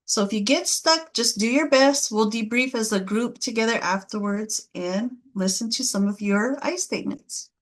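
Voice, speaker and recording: A woman's voice: medium pitch, unhurried, a bit bright. A woman facilitating a parenting class, leading the group with encouraging, upbeat praise.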